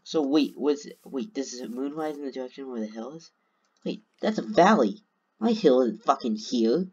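A man's voice: medium pitch, expressive, moderate pace, a little mellow, husky, dull audio. A man narrating his own gameplay, talking to himself and swearing constantly. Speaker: gamer. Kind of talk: let's play commentary.

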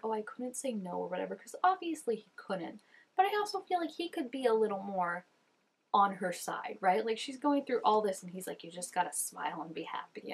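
A young woman hosts a reaction video with casual, chatty commentary, constantly filling it with "like." Her voice is a little high and husky.

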